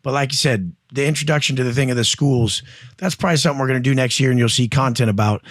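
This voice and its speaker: A man's voice: mid-range voice, quick pace, dry recording, studio quality. A man coaching and telling stories on a podcast, blunt and profane, acting out other people's voices as he goes. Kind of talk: casual podcast conversation.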